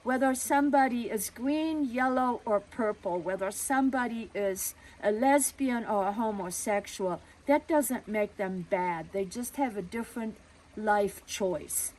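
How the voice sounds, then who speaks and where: A man's voice: high voice, a little slow, rough recording. A woman retelling a story, voicing her father as he firmly defends a family friend. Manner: firm, rising to angry protest. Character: indignant middle-aged father defending a friend.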